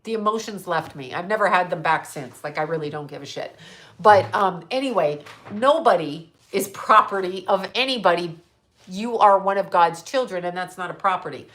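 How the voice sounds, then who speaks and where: A woman's voice: fairly low pitch, animated, normal speed, a bit bright. A middle-aged woman from Canada hosting a psychic livestream, ranting bluntly with heavy swearing and answering viewer comments. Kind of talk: livestream monologue.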